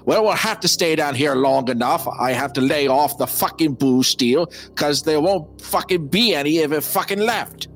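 A man puts on a gruff, hard-drinking grumbler, pushing his voice well above its usual low pitch and attempting an accent. The delivery is swearing and defiant, with faint synth music behind. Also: moderate pace, hardly any pauses, fairly bright tone. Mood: grumbling. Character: boozy defiant man drinking to stay sane.

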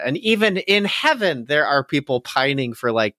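A man's voice: medium pitch, very animated, moderate pace, few pauses, bright, forceful tone, dry recording, studio quality. A man co-hosting a podcast, rambling casually with many fillers and frequent laughter. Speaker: podcast co-host.

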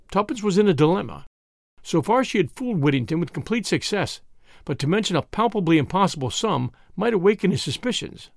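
A male narrator reads a story aloud in a lively, expressive way. His voice sits a little on the high side and moves freely up and down. The recording is dry, with no room echo. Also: a little fast, creaky. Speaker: audiobook narrator. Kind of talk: scripted narration.

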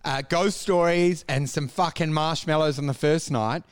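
High-voiced Australian man joking around. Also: moderate pace, smooth. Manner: swears freely, laughs through his jokes, puts on mock voices. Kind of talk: casual comedic chat.

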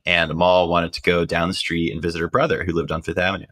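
Low-voiced guy with a bright edge, chatty journalist telling a wild story. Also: quick pace. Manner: animated, acts out quotes, lots of "like". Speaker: journalist guest. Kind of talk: casual storytelling.

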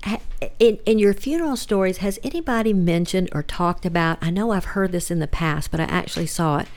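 A middle-aged woman, quietly and haltingly telling a family story in casual conversation. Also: on the low side. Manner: halting, soft-spoken, laughs through tears. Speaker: guest relative.

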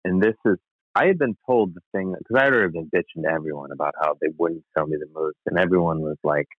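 Speaking fast in a low-pitched voice, this American guest on a podcast tells a casual, wry story from his own life, wandering into asides. The audio is thin and phone-like, with no room sound.

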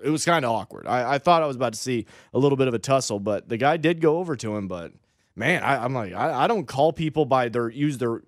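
A man's voice: medium pitch, fast talker, no echo, studio quality. A man hosting a radio show, telling stories in casual banter and mimicking people calling out. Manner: animated storytelling, mimics shouted calls.

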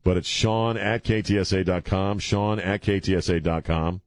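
A man's voice: sits low, steady tone, normal speed, dry recording. A middle-aged man hosting a talk radio show in a studio, blunt, sarcastic and rambling. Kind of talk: opinionated talk radio chat. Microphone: studio microphone.

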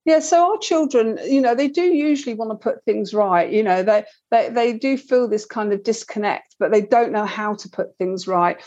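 A woman's voice: fairly high pitch, lively intonation, moderate pace, few pauses, a little mellow. Earnest woman, dull lo-fi sound. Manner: earnest, repeats words while explaining. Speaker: parenting guest expert. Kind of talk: explaining in a conversation.

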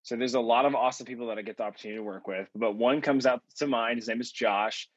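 Lively man telling stories, muffled audio. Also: medium pitch, quick pace, no room sound. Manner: animated storyteller, acts out quoted voices. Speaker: podcast guest, marketing consultant. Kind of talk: storytelling interview answers.

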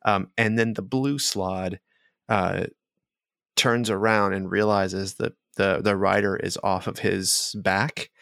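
A man running a tabletop game as game master, relaxed and hesitant, with many fillers. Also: sits low, takes it slowly, vocal fry, no room sound, clean studio sound.

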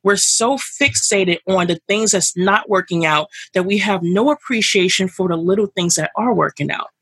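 Bright, husky-voiced woman guest. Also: mid-range voice, moderate pace, no room sound. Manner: emphatic and animated, with many fillers. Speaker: podcast guest. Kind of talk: candid conversational interview.

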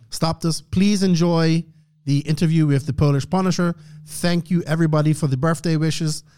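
Podcast host, male, fairly high voice, preachy motivational rant with frequent throat clearing. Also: a little mellow.

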